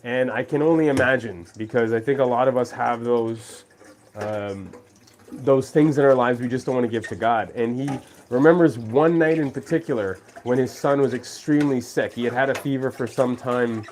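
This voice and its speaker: A man's voice: medium pitch, moderate pace, darkish tone, slight background noise. A man hosting a casual faith vlog, retelling a story in a rambling way and acting out the people he quotes. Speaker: vlog host. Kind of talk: casual faith talk while doing dishes. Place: home kitchen at the sink.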